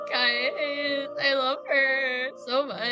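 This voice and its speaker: A woman's voice: sits high, dull audio. A woman streamer giving emotional live commentary on a game, gushing and tearful as she talks to her viewers. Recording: game music playing behind.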